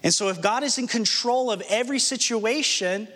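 A man preaching a sermon in an earnest manner, asking rhetorical questions and slowing down for emphasis. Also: very high-pitched, a bit bright, big-room sound. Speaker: pastor.

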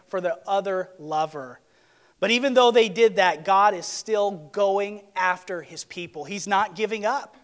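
Guy preaching a sermon, high voice, super passionate, gets loud then goes quiet. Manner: passionate, emphatic preaching that swings from loud to hushed. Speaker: pastor.

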